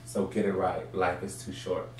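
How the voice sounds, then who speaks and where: A man's voice: low-pitched, little pitch movement, moderate pace. A man who is a guest on a casual talk show, speaking earnestly and reflectively, turning playful when he teases the host. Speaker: guest, sweet potato pie baker. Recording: echoey room, distant mic, faint crowd and noise.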